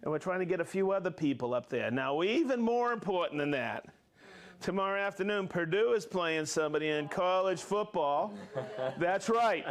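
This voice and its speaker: A man hosting a live tool demonstration show, talking casually with jokes and quick bursts of speech. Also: sits high, animated. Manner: jokey, upbeat, quick bursts of talk. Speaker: host of a tool demo show. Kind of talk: casual live demo chat.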